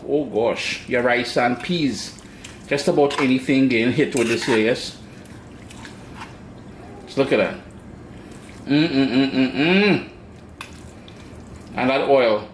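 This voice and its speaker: With a medium-pitched voice and a Caribbean accent, this man hosts a cooking show from his own kitchen, playfully chatting with viewers and making asides as he demonstrates. Dishes and cutlery clink in the echoey room, utensils clatter, and there is slight hiss or hum.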